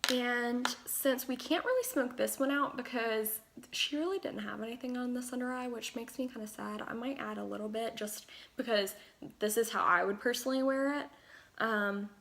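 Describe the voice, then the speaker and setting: In a makeup tutorial, a young beauty vlogger speaks at a normal speed with a slightly high, somewhat bright voice that carries a gravelly, fry-tinged edge. Her chat is rambling, full of asides and fillers, with the feel of talking to friends from her bedroom.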